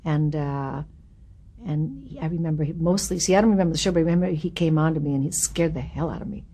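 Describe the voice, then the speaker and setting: A woman in her seventies, an actress being interviewed, recalling her career in a candid, wry way with lively asides. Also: deep voice, fast, husky. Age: 70s. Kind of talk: reminiscing interview.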